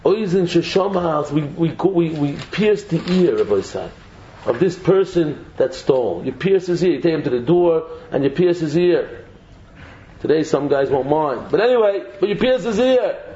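Animated man giving a talk, echoey. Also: on the high side, moderate pace. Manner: animated storytelling, acting out quotes. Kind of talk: Torah lecture to students. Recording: echoey muffled room recording, faint hum.

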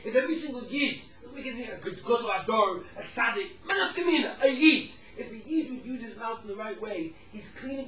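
A man giving a Torah class to a room of listeners, telling stories with lively swings between loud emphasis and hushed tones. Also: very high voice, echoey room, recorded from a distance, low-quality recording. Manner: animated storyteller, drops to hushed tones for the sad parts.

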